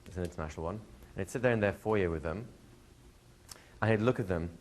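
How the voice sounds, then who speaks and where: Low-voiced man teaching with animated stories. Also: quick pace, slight background noise. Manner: animated storytelling, laughing, acting out quoted dialogue. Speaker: hypnosis instructor. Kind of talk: live workshop Q&A answer. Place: training room with students.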